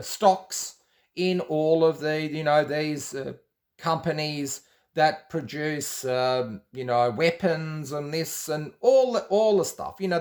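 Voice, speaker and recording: Male storyteller, slightly higher voice, rambling monologue with restarts. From Australia. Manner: rambling, with frequent restarts and quoted dialogue. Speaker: former Jehovah's Witness telling his story.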